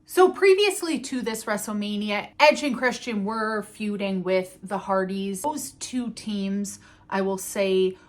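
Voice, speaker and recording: A woman's voice: medium pitch, measured pace. A woman chatting casually and enthusiastically as she reviews a wrestling event, with the odd casual swear.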